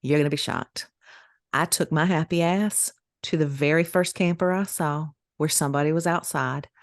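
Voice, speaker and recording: Middle-aged woman, podcast co-host, animated storyteller, slightly low voice, dry close sound. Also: normal speed, no room sound. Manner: animated, laughing, acts out quoted voices. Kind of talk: casual storytelling chat.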